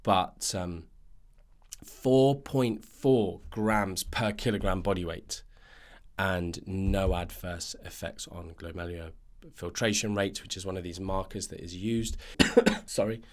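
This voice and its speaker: A man's voice: low-pitched, steady tone, takes it slowly. A man hosting a nutrition podcast, ranting in a casual monologue full of fillers and restarts.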